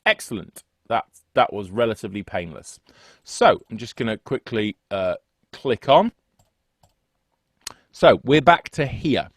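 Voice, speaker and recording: A man's voice: fairly low pitch, expressive, unhurried, pauses often, dry recording. Chatty male music teacher, dry sound. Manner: chatty, rambling, self-deprecating. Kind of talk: online music theory lesson. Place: home setup with two screens. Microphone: desk microphone on a video call.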